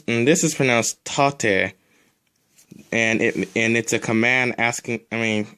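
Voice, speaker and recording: A man's voice: on the low side, a bit bright, smooth. A man teaching a recorded language lesson, drilling sounds one at a time and adding casual asides.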